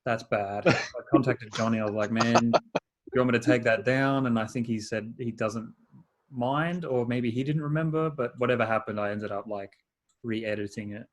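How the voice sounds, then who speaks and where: Male podcast host, middle pitch, easygoing banter with plenty of swearing. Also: moderate pace. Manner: laid-back, swears, laughs often. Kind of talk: casual chat.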